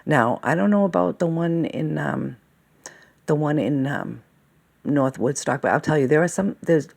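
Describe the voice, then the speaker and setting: A woman's voice: low-pitched, normal speed, gravelly, darkish tone, breathy edge. A woman rambling agitatedly in a casual monologue, swearing often and checking in with "okay?" and "all right?". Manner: fillers and self-interruptions, asks "okay?" and "all right?". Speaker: vlogger.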